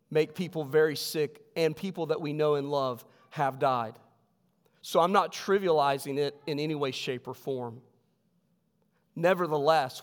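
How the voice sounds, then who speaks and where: Pastor guy preaching, kinda high voice, long echo in the church. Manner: emphatic preaching, dropping low on key words. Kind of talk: sermon. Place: church sanctuary. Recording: long hall reverb.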